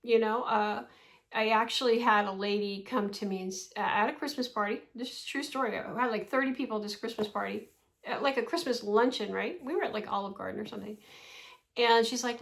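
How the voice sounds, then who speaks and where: A woman in her sixties talking casually to her vlog audience, chatty and animated, often exasperated, with frequent laughs. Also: fairly high pitch, a little fast, creaky. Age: 60s. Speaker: vlogger.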